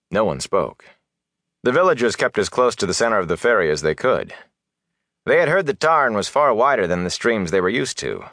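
A man reading a fantasy novel aloud as narrator, in a measured, steady storytelling manner. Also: low-pitched, dry recording, studio quality. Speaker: audiobook narrator.

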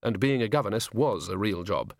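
A man's voice: on the low side, animated, fairly quick, gravelly, dry recording, studio quality. Man narrating a story. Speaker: audiobook narrator. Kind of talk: scripted narration.

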